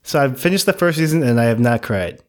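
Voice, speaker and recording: A man's voice: medium pitch, lively intonation, fast talker. A man chatting casually as a podcast co-host, rambling with lots of fillers and restarts. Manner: rambling, many likes and restarts. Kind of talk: casual chat.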